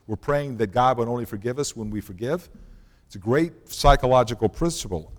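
A middle-aged man delivers a sermon in a chatty, conversational manner. He often sinks his voice almost to a hush to drive a point home. His voice sits at an ordinary pitch and carries a long reverb, as in a large church sanctuary. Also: expressive, fairly quick. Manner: conversational preaching, drops to near-whisper for emphasis. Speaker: pastor.

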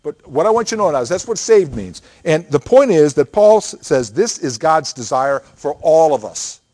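A man's voice: a little high, very animated, normal speed, mellow. A man preaching a sermon, earnest and emphatic, building points through repeated phrases and reading scripture aloud. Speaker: pastor.

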